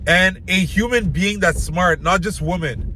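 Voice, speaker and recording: A man's voice: sits high, a little slow, pushed and bright, a little hiss or hum. A young man giving blunt dating advice straight to the camera in loose, casual talk full of filler words.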